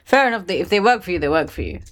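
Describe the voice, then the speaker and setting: A woman's voice: lowish voice, very animated, rapid-fire. Woman on a podcast, blunt and sweary, dead set in her opinions, chatty. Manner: blunt, emphatic, swears freely. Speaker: podcast co-host. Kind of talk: casual chat.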